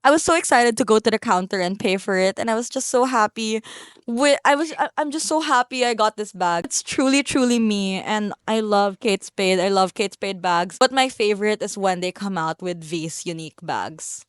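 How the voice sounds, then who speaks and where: A young Filipino-accented woman talks in a bubbly, gushing way. Her voice is smooth and clear, and the sound is close and dry with no room around it. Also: medium pitch, normal speed, no room sound. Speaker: vlogger. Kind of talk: casual haul vlog.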